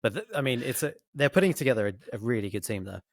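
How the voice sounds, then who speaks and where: A man's voice: medium pitch, expressive, racing, vocal fry. A man co-hosting a casual football podcast, laid-back and trailing off mid-sentence. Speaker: podcast co-host.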